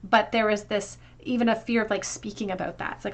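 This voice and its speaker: A woman doing a pick-a-card tarot reading to camera, talking in a flowing, reflective way and going softer as she pulls cards. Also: mid-range voice, fairly even intonation, a little fast, slight background noise. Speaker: tarot reader.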